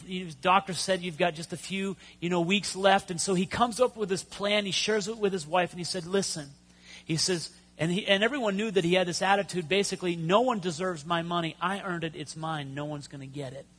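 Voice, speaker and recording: A man preaching a sermon, telling stories with pauses and sudden loud emphasis. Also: high-pitched. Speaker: pastor.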